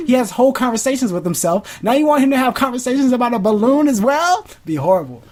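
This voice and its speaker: A woman's voice: fast talker, few pauses, slight background noise. Chatty podcast woman, voice jumps all over, does little voices for the quotes. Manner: animated storyteller, acts out quotes in high voices, laughs often. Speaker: podcast co-host. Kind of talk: casual chat.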